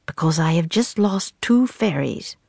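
A woman's voice: on the low side, lively intonation, a little slow, vocal fry, dark tone, dry recording, exaggerated voice. Woman reading a courtly old-fashioned playwright. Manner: courtly, archaic phrasing. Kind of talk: storybook reading.

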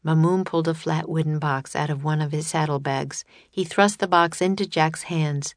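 Female audiobook narrator, lower voice, dry close sound, storybook reading. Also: fairly even intonation, normal speed, no room sound.

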